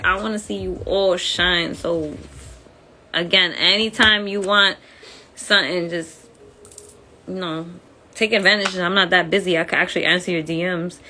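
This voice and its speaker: A woman's voice: medium pitch, sharp tone, slight background noise. A woman with an accent hosting a casual phone livestream, chatty and friendly, using informal slang. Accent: accented English. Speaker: livestream host.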